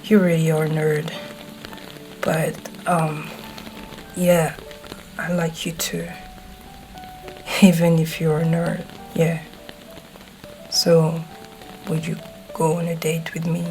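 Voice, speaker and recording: A brash, swearing teenage boy, voiced by a woman, talks straight to the listener in an audio role-play, his tsundere bluster slipping into fluster. The delivery is slow and drawn out, in a lowish voice. Faint music plays softly behind him. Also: completely flat delivery, poor audio. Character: gruff hot-tempered teenage boy classmate. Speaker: voice actor.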